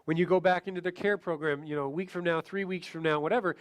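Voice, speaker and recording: High-voiced man teaching a sales seminar. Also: fast talker. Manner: animated, acts out client dialogue. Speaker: seminar speaker.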